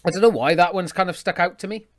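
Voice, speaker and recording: A man's voice: sits high, quick pace. A man co-hosting a podcast, chatting casually and swearing freely. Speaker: podcast co-host. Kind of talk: casual chat.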